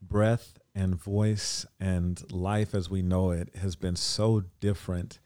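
A man's voice: deep voice, flat delivery, slow pace, mellow. A man reflecting thoughtfully in casual podcast conversation. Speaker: podcast co-host.

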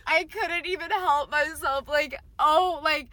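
A woman's voice: sits high, fairly even intonation, unhurried, sharp tone, no room sound. A young adult woman co-hosting a podcast, gushing and emotional in a casual chat, recorded on a phone inside a parked car. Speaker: podcast co-host.

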